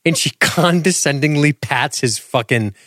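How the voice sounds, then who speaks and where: A man's voice: fairly high pitch, unhurried, fairly bright tone, no room sound, clean studio sound. A man co-hosting a podcast episode recap in casual chat, sardonic and profane, teasing his co-host.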